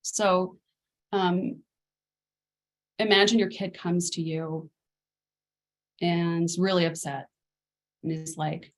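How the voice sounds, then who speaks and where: A middle-aged woman coaching parents in a relaxed masterclass on a video call, talking through ideas with lots of fillers and "right?" asides. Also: fairly low pitch, takes it slowly, pauses often. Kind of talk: casual teaching on a video call.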